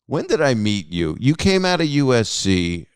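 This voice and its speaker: A man's voice: medium pitch, big pitch swings, normal speed, clean tone, dry recording, clean studio sound. A man hosting a casual podcast conversation, telling rambling, self-deprecating stories. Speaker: podcast host.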